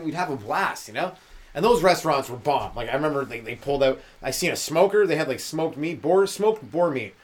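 A male comedian riffs alone on his podcast, loose and profane, ambling from one tangent to the next. His voice sits in an ordinary middle pitch, and he slips into quick mocking impressions of the people he talks about. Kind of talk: rambling solo comedy monologue.

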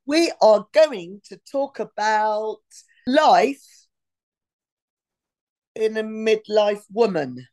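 A woman's voice: medium pitch, expressive, extremely slow, long pauses, darkish tone. A woman in her fifties co-hosting a podcast in casual chat, rambling and losing her thread mid-sentence. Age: 50s. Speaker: podcast co-host.

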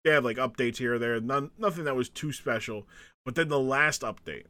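A man's voice: medium pitch, brisk, no echo. A man hosting a casual podcast, retelling events with lots of laughter and acted-out quotes. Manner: animated storyteller, laughs often, acts out quotes. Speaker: podcast host. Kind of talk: casual chat recapping wrestling.

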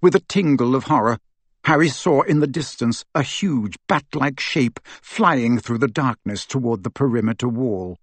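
A man narrating a fantasy audiobook in an expressive storytelling manner. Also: mid-range voice, moderate pace, no echo. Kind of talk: scripted narration.

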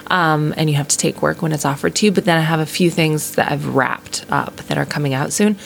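Low gravelly-voiced woman comedian. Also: a little fast, a little hiss or hum. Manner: opinionated, laughs often, acts out quotes. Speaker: comedian guest. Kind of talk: casual podcast conversation.

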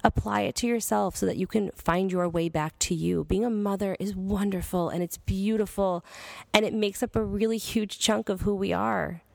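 A woman's voice: mid-range voice, steady tone, normal speed, gravelly, no room sound. A woman in her thirties hosting a podcast monologue, blunt, earnest and freely profane. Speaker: podcast host. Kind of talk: casual monologue.

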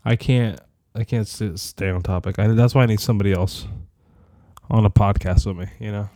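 A young man in his twenties talks alone in a rambling audio diary, cursing freely and jumping between gripes. He is sick, and his mellow, dark voice carries a rough edge from it. The sound is dry and close, with no room around it. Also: on the low side, fairly even intonation, moderate pace, no echo. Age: 20s. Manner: profane, rambling rants that drift between topics. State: sick with a cough.

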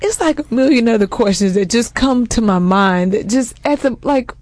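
High-voiced sassy woman co-host. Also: lively intonation, moderate pace, darkish tone, dry recording. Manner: sassy, exasperated, fillers of "like". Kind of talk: comedic banter.

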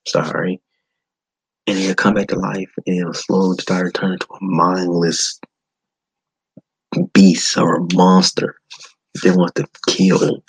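A man hosting a podcast, giving a blunt, animated movie-review monologue with frequent swearing. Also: sits low, takes it slowly, gravelly, pauses often, breathy edge, no room sound, rough recording. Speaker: podcast host.

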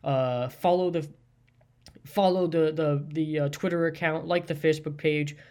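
A solo podcast host in a loose, unscripted monologue, with a voice sitting at an ordinary middle pitch. The delivery wanders and doubles back, with frequent restarts, stumbles and fillers as the host muses aloud and hedges each point. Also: steady tone, moderate pace, darkish tone. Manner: thinks aloud, hedging and musing.

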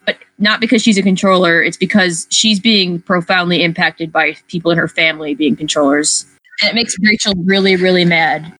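A woman's voice: on the low side, a little fast, fairly bright tone, no room sound, rough recording. Woman, casual book-club talker, chatty and rambling, dry close sound. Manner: chatty, restarts often, acts out quotes. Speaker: book club podcast member. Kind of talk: casual discussion.

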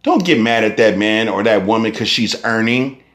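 A man's voice: fairly low pitch, animated, moderate pace, fairly bright tone. A young man, a rapper delivering a heated, profane ranting monologue full of rhetorical questions. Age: young adult.

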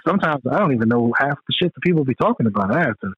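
A man co-hosting a casual chat, joking along in an animated, profane way. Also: mid-range voice, rapid-fire, slightly rough, no room sound, lo-fi sound. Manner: animated, profane, agreeing banter. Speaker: podcast co-host.

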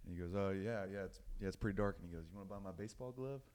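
A man's voice: low-pitched, racing, darkish tone. A young man on a casual podcast, telling a long crude joke in a rambling way. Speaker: podcast co-host.

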